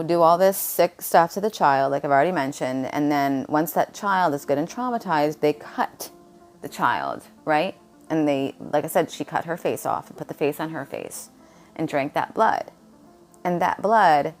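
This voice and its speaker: A woman vlogger talking in a blunt, rambling monologue, jumping from topic to topic. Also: low voice. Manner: blunt, jumps between topics.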